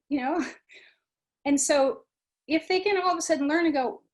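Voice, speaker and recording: A woman giving a talk on mindfulness, animated, acting out students' inner voices and often asking "right?" and "you know". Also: high-pitched, a little slow. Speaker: guest speaker on mindfulness. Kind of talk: talk to a webinar audience.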